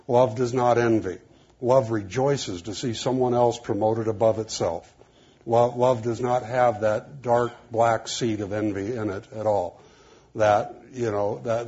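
A man's voice: fairly low pitch, dark tone, husky, muffled recording. A middle-aged male pastor giving a conversational sermon, telling stories with frequent "you know" asides.

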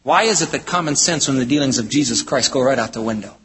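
A man preaching a sermon from the United States, in an emphatic style that swings between loud exclamations and low, intense statements. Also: animated, quick pace, slightly rough. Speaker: pastor. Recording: hall reverb.

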